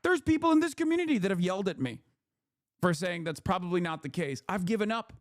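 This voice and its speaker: Fired-up profane male commentator, slightly high. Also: very animated, fast talker, dry recording, studio quality. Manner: heated, profane, sarcastic rant. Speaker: political commentator. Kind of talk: casual livestream commentary.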